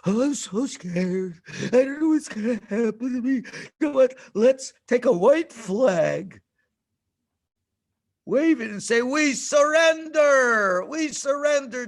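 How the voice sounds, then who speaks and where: A man's voice: very high voice, lively intonation, drawn-out words, vocal fry, hardly any pauses, voice pushed up, heavily acted. A man voicing a frightened tribesman who pleads to give up, in a children's story lesson. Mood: fearful. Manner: fearful, pleading. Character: frightened tribesmen wanting to surrender.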